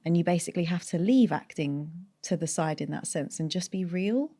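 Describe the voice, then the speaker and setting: A woman's voice: fairly low pitch, expressive, a little fast, mellow. A woman from North London with a neutral British accent and a light North London tinge, a voiceover artist chatting as an interview guest and explaining at length with restarts. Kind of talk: casual interview chat.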